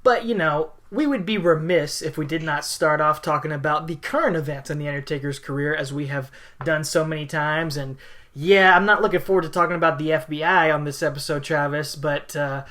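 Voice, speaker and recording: A man's voice: on the high side, fairly even intonation, brisk, sharp tone. A man co-hosting a wrestling podcast, playful and enthusiastic in his casual chat. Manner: playful, enthusiastic, jokey intros. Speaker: podcast co-host.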